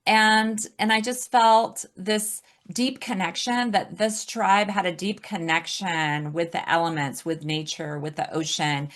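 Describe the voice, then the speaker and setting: Slow, reflective woman guest. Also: fairly low pitch, steady tone, fairly bright tone. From Alaska, US. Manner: reflective, laughs often while talking. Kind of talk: casual conversation.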